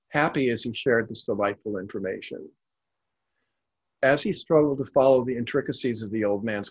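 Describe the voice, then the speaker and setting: A man reading a story in a measured, calm narration. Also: mid-range voice, breathy edge, no room sound, poor audio.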